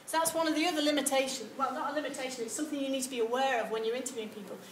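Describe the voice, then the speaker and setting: A woman giving a university lecture, animated and acting out example replies. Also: high-pitched, rapid-fire. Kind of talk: lecture on research methods. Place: lecture hall. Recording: echoey lecture room with some background noise.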